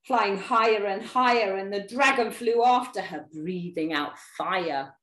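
A woman storyteller reading a picture book aloud to young children, expressive and engaging. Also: medium pitch, unhurried, hardly any pauses, reverberant. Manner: expressive, talks to young listeners. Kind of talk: animated read-aloud for children.

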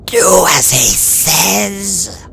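A woman's voice: lowish voice, very slow, gravelly, fairly bright tone, a little hiss or hum, pitched above the performer's own voice, full character voice. A woman voicing a ruthless, dying female dragon queen who speaks in terse, pained few words. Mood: cold.

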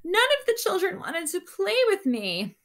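A woman voicing a little girl T. rex in a picture book read-aloud, speaking in a high, childlike, plaintive way. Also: big pitch swings, moderate pace, fairly bright tone, heavily acted. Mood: upset.

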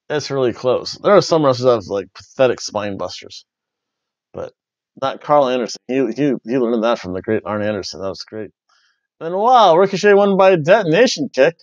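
A man hosting a wrestling review podcast, rambling and joking, jumping between loud bursts and mumbled asides. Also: mid-range voice, no room sound, lo-fi sound. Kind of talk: casual review chat.

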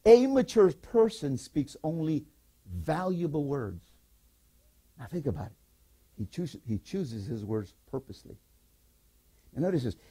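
An older male pastor delivers a sermon with a husky, mellow voice that rises high and swoops widely. He preaches in an animated way, repeating lines and asking the congregation to say them back. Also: a little slow, long pauses. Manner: animated preaching with repetitions and call-and-response.

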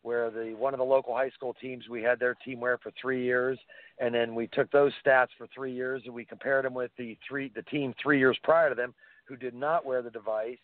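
A man's voice: medium pitch, a little fast, dry recording. Male phone-in guest, eager storyteller, sound thin and dry like a phone call. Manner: enthusiastic storyteller, animated anecdotes. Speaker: guest, helmet pad inventor. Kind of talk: phone-in radio interview. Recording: dry tinny phone line.

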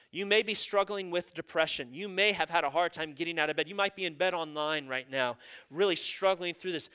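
A man's voice: on the high side, sharp tone, clean tone. A male pastor preaching a sermon in an earnest, conversational way, with casual asides.

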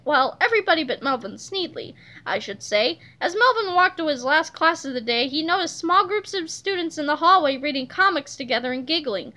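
Bright, high-voiced woman reading aloud. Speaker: reader. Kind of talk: reading a children's book aloud.

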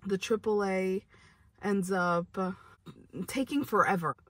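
A woman's voice: mid-range voice, measured pace, fairly bright tone, no room sound. A young adult woman telling a story to camera, rambling with lots of "like" and restarts. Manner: rambling, heavy use of "like" and restarts. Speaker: vlogger. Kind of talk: casual storytelling. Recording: voice from a distance from the mic.

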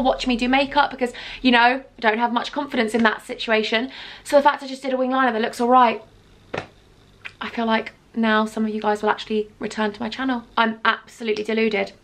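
A woman's voice: a little high, a bit bright. A young woman chatting casually and self-deprecatingly while doing her makeup for a beauty vlog. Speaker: beauty vlogger. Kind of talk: casual get-ready-with-me chat.

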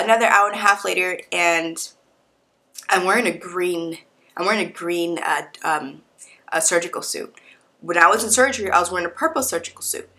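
Bright animated young woman vlogger. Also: lowish voice. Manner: animated, acts out quotes of doctors and nurses; slangy and playful. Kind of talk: casual storytelling vlog.

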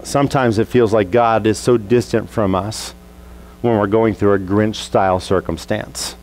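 A man preaching a sermon as a pastor, telling a childhood story and acting out the family scenes in lively voices. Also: fairly low pitch, moderate pace, a little hiss or hum, low-quality recording.

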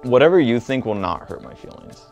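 A man hosts an interview, reading out questions with a goofy, awkward deadpan. His voice sits at an ordinary pitch. Light music plays faintly behind him. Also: a little fast, lo-fi sound. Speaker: host.

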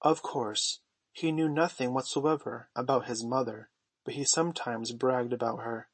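Gentle male audiobook narrator. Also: mid-range voice, steady tone, moderate pace, no echo. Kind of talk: storybook reading.

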